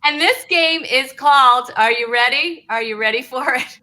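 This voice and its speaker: A woman hosting a comedy talk show, speaking in a halting, playful way with lots of "uh" and restarts. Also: high-pitched, pushed and bright, rough recording.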